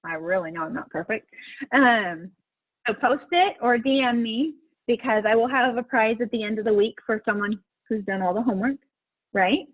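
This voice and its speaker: A woman's voice: a little high, normal speed, dry recording. Woman, middle-aged, life coach, casual live-stream talk, encouraging, dry close sound. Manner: chatty, encouraging, laughs often. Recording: husky voice over a tinny phone-like line.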